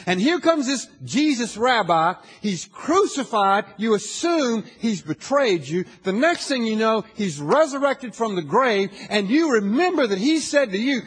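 A male pastor delivers a sermon in a fairly high, husky voice. He talks to the congregation in a conversational way, then builds to slow, emphatic declarations. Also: very animated, a bit bright, big-room sound.

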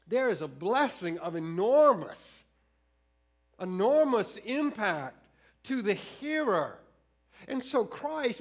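A middle-aged man preaching a sermon, earnest, often restarting his phrases and moving between slow emphasis and quick storytelling. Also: high-pitched. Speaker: pastor.

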